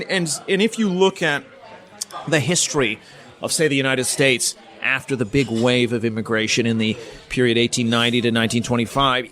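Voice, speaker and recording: A middle-aged man from Canada, a politics professor, explaining his ideas in a measured, lecture-like way as a podcast guest, often pausing with ums and restarting his sentences. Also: medium pitch, fairly bright tone. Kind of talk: podcast interview, academic explanation.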